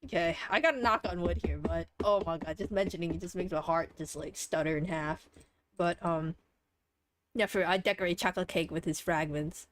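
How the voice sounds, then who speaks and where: A woman's voice: on the low side, moderate pace, a little hiss or hum. A young woman on a live stream who chats loosely while she plays. Her talk rambles along in an offhand, unpolished way, with casual swearing thrown in. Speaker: livestreamer.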